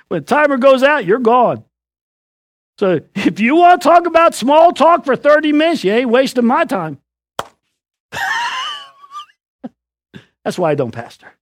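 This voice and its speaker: A middle-aged man preaching a sermon, telling jokes and stories with loud, animated bursts. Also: extremely high pitch, moderate pace. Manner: animated, joking storyteller with loud outbursts.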